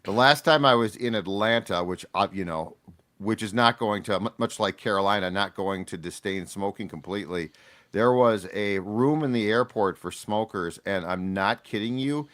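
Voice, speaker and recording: A man's voice: lowish voice, moderate pace, a bit bright. A young man talking sports and chatting in an easygoing, bantering way on a talk show. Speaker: sports reporter. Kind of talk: casual chat.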